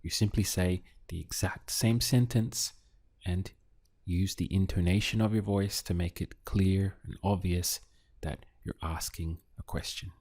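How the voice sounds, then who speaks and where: Male tutor for lesson narration: unhurried, deliberate delivery, warm low tone. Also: steady tone, no room sound. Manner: slow, deliberate, models Spanish phrases. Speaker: language teacher.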